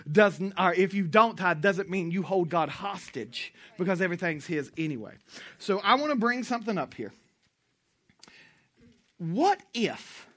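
A man's voice: sits high, pushed and bright. A man preaching a sermon in a conversational, storytelling way, drawing call-and-response from the congregation. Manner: conversational, storytelling, with asides to the audience. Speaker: pastor.

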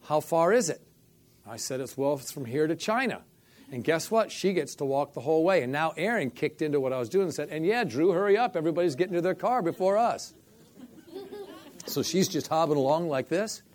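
This interview features a middle-aged man, a minister, whose fairly quick, higher-pitched voice brings a story to life. He acts out each quoted exchange, with "I said" coming up again and again.

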